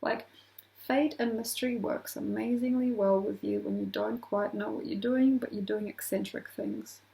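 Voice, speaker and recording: Mellow, gravelly-voiced woman astrologer. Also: medium pitch, steady tone, normal speed, low-quality recording. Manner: rambling, with laughing asides and acted-out quotes. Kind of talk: casual rambling talk to camera.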